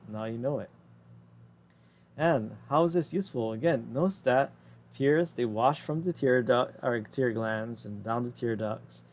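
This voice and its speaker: A man teaching an anatomy and physiology lesson over slides, explaining in a casual way that often corrects itself mid-sentence and drifts into quick asides. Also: mid-range voice, a little mellow, slight background noise. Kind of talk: recorded lecture over slides.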